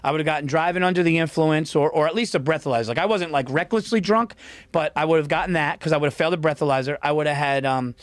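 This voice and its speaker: A man in his forties hosting a podcast, telling stories in casual chat, animated and swearing often. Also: fairly high pitch, quick pace, no echo. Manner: animated storyteller, swears a lot, says "dude". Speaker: podcast host.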